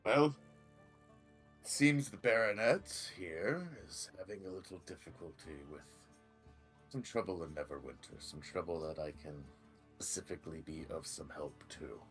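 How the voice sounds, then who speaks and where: A man's voice: low voice, moderate pace, a bit bright, soft background music. Man doing a jovial, effusive noble. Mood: regretful. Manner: effusive, grand and formal. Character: jovial excitable male noble ally.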